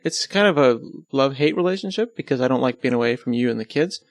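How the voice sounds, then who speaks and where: A man's voice: medium pitch, animated, fast talker, dry recording. A man being interviewed on his podcast, chatting casually and joking about himself. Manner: joking, self-deprecating, rambling.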